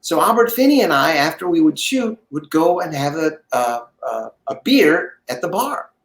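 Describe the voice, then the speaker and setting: A man telling a story as an interview guest, his slightly high voice bouncing in a roomy space. He keeps it animated and acts out the other people's lines as he goes. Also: normal speed, gravelly. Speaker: guest actor.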